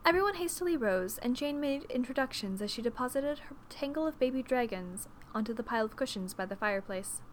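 Woman, audiobook narrator, expressive storytelling, fairly high voice, faint background ambience. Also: brisk, hardly any pauses, slight background noise.

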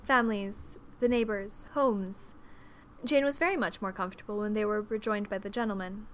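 A woman narrating an audiobook in an expressive, measured storytelling manner. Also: medium pitch, a little hiss or hum.

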